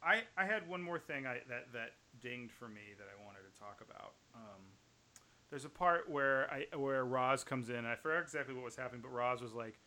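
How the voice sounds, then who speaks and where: A man co-hosting a casual podcast chat about a TV show, animated and sometimes exasperated. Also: mid-range voice, fairly quick. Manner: animated, rising to exasperated outbursts. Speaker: podcast co-host.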